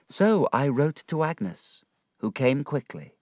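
A man reads a storybook aloud at a slow, measured pace. His pitch rises and falls expressively. The recording is dry and close. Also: very animated, a little mellow, no echo. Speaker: narrator. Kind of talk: storybook narration.

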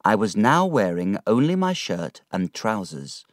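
Male narrator, slow measured reading, lively pitch, dry close sound. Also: no echo. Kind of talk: scripted storybook narration.

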